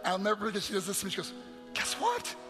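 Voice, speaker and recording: A man telling an emotional personal story to an audience in a large hall, earnest and sometimes dropping to hushed near-whispers. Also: high voice, flat delivery, racing. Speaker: motivational speaker. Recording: long hall reverb, faint music.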